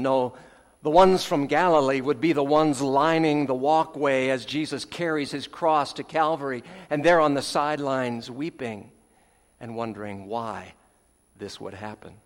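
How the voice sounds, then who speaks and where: A man preaching a sermon as pastor, earnest with dramatic pauses, letting phrase ends fall soft, with folksy asides. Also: medium pitch. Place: church sanctuary. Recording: long hall reverb, church sanctuary.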